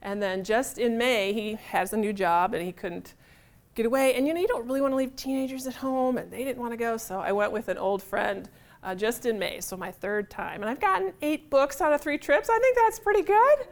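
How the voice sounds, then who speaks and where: A middle-aged woman author, giving a chatty, animated talk to a live audience in a room. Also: a little high, brisk. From United States. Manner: chatty, animated, self-deprecating humor.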